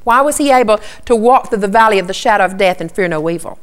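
A woman's voice: mid-range voice, lively intonation, quick pace, smooth. A woman giving an earnest Bible teaching, repeating key points and often starting with "okay".

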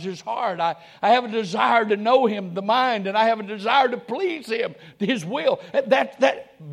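A man preaching a sermon, swinging between loud calls and hushed, quiet prayer, often repeating his words. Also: high-pitched, creaky. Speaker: pastor.

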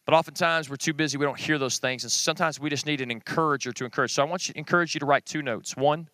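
A middle-aged man, teaching a men's group in an earnest, plain-spoken sermon with quick short phrases. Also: a little high, pushed and bright, no room sound. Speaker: Bible teacher.

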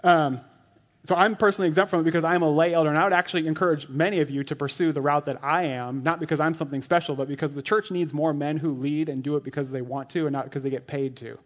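Joking, chatty preacher man, slightly high voice. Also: fairly even intonation, fast talker. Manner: chatty and joking, lots of "like", laughs at his own jokes. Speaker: lay elder preaching. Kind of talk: casual sermon.

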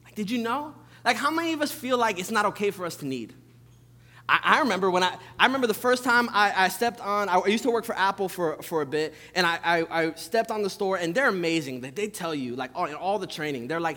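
A young man delivers a sermon in a relaxed, conversational way, often restarting his sentences and adding asides. His voice sits high for a man. The sound has the long reverb of a church hall. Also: a little fast. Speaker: pastor. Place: church sanctuary.

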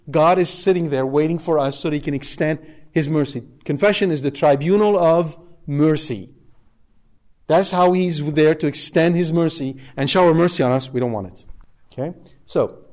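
A man's voice: a little high, moderate pace, darkish tone. A man preaching a sermon to a live congregation in a conversational way, asking rhetorical questions and checking in with "okay?". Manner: conversational, asks rhetorical questions with tag 'okay?'.

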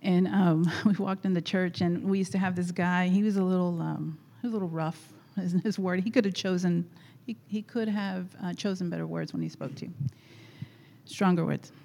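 A woman's voice: lowish voice, steady tone, normal speed, creaky, mellow. A woman telling a personal story at church, chatty and rambling with frequent laughs. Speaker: guest speaker at church. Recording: echoey hall.

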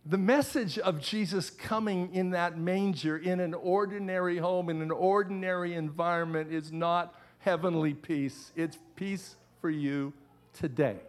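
A man's voice: high voice, fairly even intonation, unhurried. A middle-aged man, a pastor, preaching a sermon in church with earnest, repeated phrases.

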